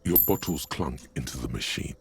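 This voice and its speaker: An actor voicing a video game narrator, reading lines in a slow, measured, gravelly voice. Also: male voice, lively intonation, soft background music, exaggerated voice. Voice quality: gravelly, very deep.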